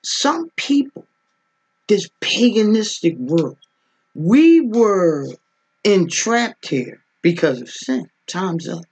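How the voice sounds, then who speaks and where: A woman's voice: mid-range voice, very animated, slow pace, a little mellow, husky. A woman giving a spiritual teaching sermon as a preacher, emphatic and full of rhetorical questions, often checking in with "okay?".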